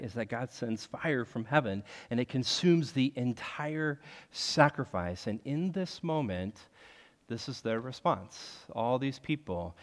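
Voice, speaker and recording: Animated preacher in a reverberant hall. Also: male voice, medium pitch. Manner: animated, conversational, heavy use of filler "like". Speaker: pastor. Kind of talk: sermon.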